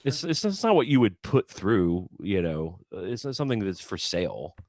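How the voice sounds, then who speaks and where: A man with a fairly low voice chats on a podcast as a guest musician, his pitch rising and falling a lot as he gets carried away. He often stammers and repeats words as he tells his stories. The sound is close and dry. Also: sing-song, normal speed, a little mellow, no room sound. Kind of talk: casual storytelling chat.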